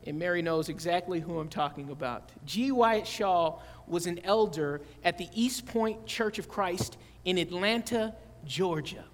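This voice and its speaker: A man preaches to his congregation in a strikingly high voice. He keeps it conversational, joking and asking them questions. His voice rings out with the long reverb of a large church sanctuary. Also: unhurried, hardly any pauses. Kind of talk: sermon.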